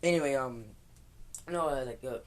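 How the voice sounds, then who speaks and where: A man's voice: medium pitch, moderate pace. Rambling young man telling a fan story. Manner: rambling, filler-heavy, chuckling asides. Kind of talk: casual improvised storytelling.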